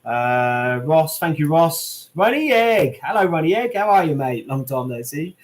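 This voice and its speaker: British guy on a livestream answering chat, bit high voice, says mate a lot. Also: big pitch swings, unhurried. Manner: chatty, reads out viewer comments, lots of "um" and "mate". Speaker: channel host answering live chat. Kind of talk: casual live Q&A chat.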